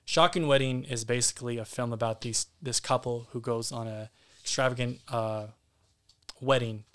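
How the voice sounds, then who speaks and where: Male podcast guest, mid-pitched and smooth, candid and loose. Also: steady tone, normal speed. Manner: candid, casually profane. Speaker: guest actor. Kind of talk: casual podcast interview.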